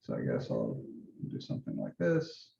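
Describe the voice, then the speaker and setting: A man teaches math in a relaxed office-hour session, talking through each step as he works. His voice is gravelly and mellow, with a darker tone. The recording sounds roomy and slightly dull. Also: extremely low pitch, normal speed, slight background noise. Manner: casual and relaxed, talks through each step, occasional mild swearing. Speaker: math instructor. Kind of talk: office-hour lesson, thinking aloud while drawing.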